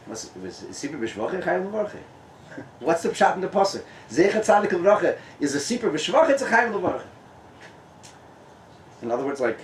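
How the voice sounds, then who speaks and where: A man, a rabbi, giving a lively Torah talk at a gathering, mixing in Hebrew and Yiddish terms and laughing often. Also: high voice, a little hiss or hum. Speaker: rabbi, guest speaker. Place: tent. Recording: echoey and distant room sound.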